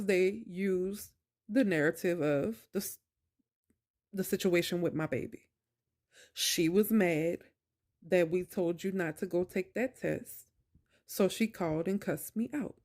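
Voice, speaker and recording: A woman's voice: fairly low pitch, slow pace, long pauses, darkish tone. A young woman vlogger telling a personal story in a casual, emphatic, colloquial way, with exasperated asides.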